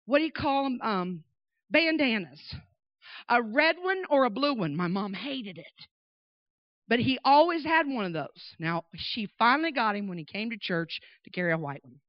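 A woman preaching through a lively personal story, with emphatic, animated delivery. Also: on the high side, normal speed, dry recording. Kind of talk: storytelling sermon. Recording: dull dry recording.

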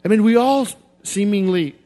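A man preaching a sermon in a repetitive, emphatic cadence, swinging from quiet confession to shouted outbursts. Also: high-pitched, moderate pace, faint music behind.

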